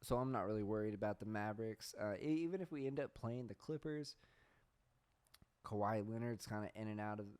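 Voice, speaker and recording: A man hosting a podcast, talking in a casual, profane, deadpan sarcastic monologue. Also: lowish voice, a little fast, smooth. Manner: deadpan sarcastic, profane, says "bro" a lot. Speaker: podcast host.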